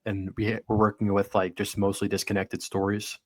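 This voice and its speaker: A man with a lower voice hosts a casual movie podcast. He weighs his points thoughtfully, hedging with plenty of fillers. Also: completely flat delivery, moderate pace. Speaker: podcast host.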